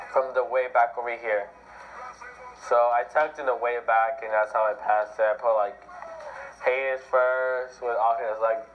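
Teen boy, sick, excitable rambling game commentary, muffled sound, faint game music. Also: medium pitch. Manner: rambling, excitable, self-deprecating. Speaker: mobile game player. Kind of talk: casual gameplay commentary. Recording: dull lo-fi audio with faint music.

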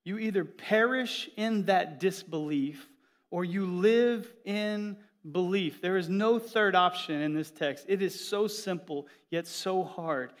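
A middle-aged pastor preaches in a church, telling stories in a lively, joking way. His voice is high, and he takes his time.

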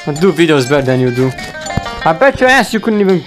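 A man voicing his own smug, mocking alter ego, speaking lower than his usual voice and taunting him about a video game, with faint game music behind. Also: sing-song, quick pace. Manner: taunting, scornful.

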